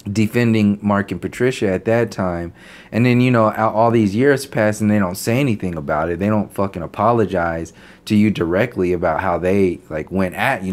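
A man ranting to his channel, blunt and profane, stumbling over fillers and restarts as he talks off the cuff. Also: lowish voice. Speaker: channel host. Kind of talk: unscripted ranting commentary.

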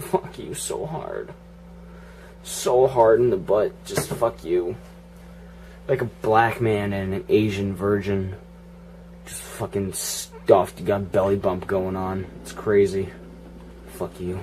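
A man's voice: low-pitched, steady tone, slow, a little mellow, a little hiss or hum. A man giving casual, profane running commentary while playing a video game, grumbling and joking at it. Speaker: gaming channel host.

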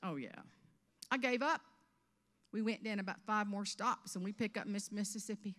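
A woman in her fifties from South Carolina with a Southern US accent, giving a humorous keynote speech on stage with animated storytelling. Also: medium pitch, normal speed, in a large hall. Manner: animated storytelling with character voices. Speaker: motivational speaker. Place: event stage before an audience.

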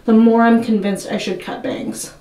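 A young woman talks to her camera in a nervous, self-mocking ramble, her voice sitting a little high. She's a step back from the mic in an echoey room at home. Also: fairly even intonation, moderate pace, warm tone. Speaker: vlogger. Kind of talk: casual talking to camera while cutting a wig. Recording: roomy and a bit distant from the mic.

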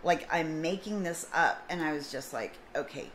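A middle-aged woman telling a story in a casual vlog, acting out both sides of the conversation in an animated way. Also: deep voice, normal speed, few pauses, rough recording. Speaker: vlogger. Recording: faint background noise.

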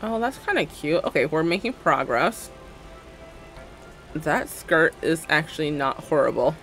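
A woman's voice: low-pitched, expressive, unhurried, fairly bright tone, soft background music. A young woman in her twenties streaming a game, chatting casually in a giggly, rambling way full of "like" fillers. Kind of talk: casual livestream chat while playing a game.

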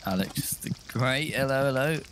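Man, mid-pitched voice, stream co-host, easygoing, short greetings, faint hiss. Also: normal speed, a bit bright. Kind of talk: casual live-stream chat.

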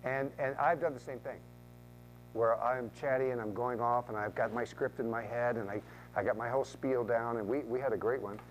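Animated man coaching real estate agents. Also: medium pitch, a little fast, a little hiss or hum, poor audio. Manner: animated, acts out quoted voices, repeats words. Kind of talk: training talk to agents.

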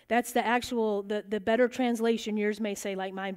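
A middle-aged woman teaching a bible study, lively and animated, acting out the voices in the stories she tells. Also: on the high side, normal speed, hardly any pauses. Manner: animated, acts out quoted voices.

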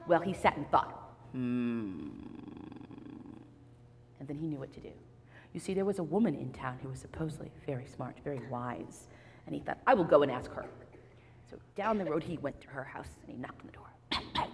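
Playful woman storyteller, lively pitch. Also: quick pace, long reverb tail, slight background noise. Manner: playful, animated, asks the audience to join in. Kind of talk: children's storytelling to a live audience. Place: room with a live audience.

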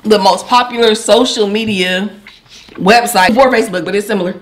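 A woman's voice: medium pitch, a little fast, a crowd in the background, rough recording. A woman in her forties co-hosting a family vlog, asking trivia questions in a casual chat. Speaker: vlog host.

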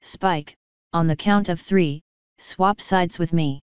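A woman's voice: lowish voice, expressive, slow, smooth, no echo. A woman reading the lines of a commanding male ship captain who gives terse, clipped orders in a storybook reading. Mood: tense. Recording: slightly muffled recording.

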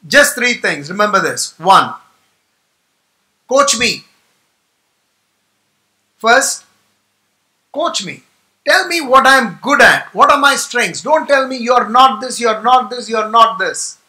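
Bright-voiced man giving a motivational talk. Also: very high-pitched, lively intonation, slow pace, pauses often. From India. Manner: storytelling, emphatic repetition. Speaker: guest speaker to management students.

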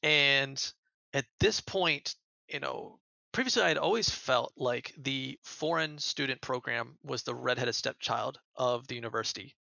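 A man's voice: medium pitch, measured pace, gravelly, sharp tone, no room sound, muffled recording. An American man who is a podcast guest, earnestly retelling events in a casual interview and often repeating words as he goes. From United States.

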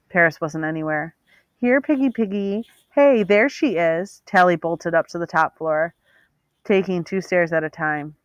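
A woman narrating an audiobook with steady, expressive storytelling. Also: low voice, no echo, lo-fi sound. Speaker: audiobook reader.

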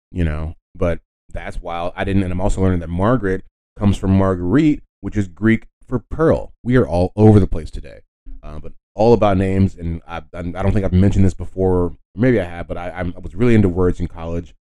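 A man with a low, dark voice hosts a solo podcast, chatting loosely and circling back on himself as he talks. His delivery is unscripted, full of fillers and restarts. Faint music sits underneath. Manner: rambling, with many fillers and self-corrections. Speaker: podcast host. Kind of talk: casual solo podcast talk.

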